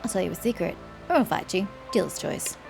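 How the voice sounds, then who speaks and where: Woman reading out a sly caged raider man, coaxing, hissing, slightly gravelly. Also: on the low side, expressive, a little fast, over music, low-quality recording. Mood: wheedling.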